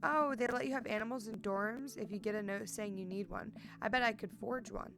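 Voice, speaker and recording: A woman's voice: medium pitch, a little fast, lightly acted. Eager teen daughter, read by a woman gamer, bubbly and chatty. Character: cheerful teenage girl, excited about college. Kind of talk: reading game dialogue aloud.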